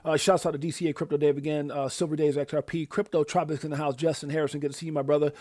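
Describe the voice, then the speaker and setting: Hyped man giving stream shout-outs. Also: no echo, studio quality. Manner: lively, hyped, drawn-out shout-outs with sudden loud high bursts. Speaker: livestream host. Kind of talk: casual livestream shout-outs.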